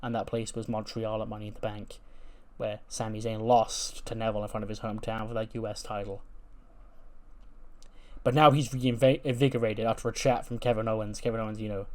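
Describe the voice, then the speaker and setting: A man's voice: on the low side, flat delivery, fairly quick. A man casually narrating a wrestling management game in a chatty, rambling way. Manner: chatty, with many fillers. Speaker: video game let's play host. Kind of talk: casual let's play narration.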